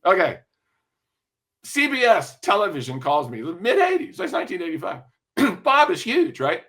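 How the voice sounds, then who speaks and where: An older man with a bright, ringing voice that sits a little high, telling a string of lively stories. He swears freely and keeps checking in with his listener with a quick "right?". It's a relaxed interview chat, all in his own voice. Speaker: music industry veteran guest. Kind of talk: animated anecdote-telling in a podcast interview.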